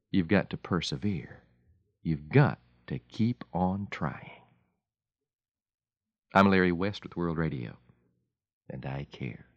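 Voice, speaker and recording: A man's voice: low voice, dry recording. A man giving a radio devotional talk as a preacher, telling a story in a folksy, emphatic way. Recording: dull lo-fi radio recording.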